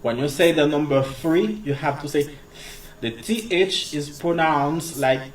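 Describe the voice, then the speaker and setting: A man's voice: on the high side, distant mic, slight background noise. Male English teacher. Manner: switches between English, French and Creole while explaining; slow, repeated pronunciation drills. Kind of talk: casual video lesson.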